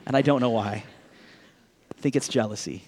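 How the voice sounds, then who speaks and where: A man in his thirties, a pastor, giving a conversational sermon with lively asides and jokes to the congregation. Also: mid-range voice, normal speed, slightly rough.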